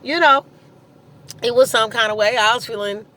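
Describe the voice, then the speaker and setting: Woman in her 30s for a blunt, sassy storytime vent in a car, bright voice, faint engine hum behind. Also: fairly high pitch, moderate pace. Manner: sassy, blunt, laughs while telling the story. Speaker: vlogger. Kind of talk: venting storytime monologue.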